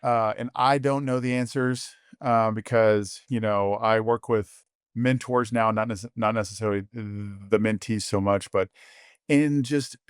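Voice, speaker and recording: A man with a fairly low voice hosts a podcast in an eager, rambling style, with lots of fillers. The sound is dry and close, with no room around it. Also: measured pace, clean tone, no room sound. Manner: enthusiastic, full of fillers; acts out quoted dialogue in animated voices. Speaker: podcast host. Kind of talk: casual podcast conversation.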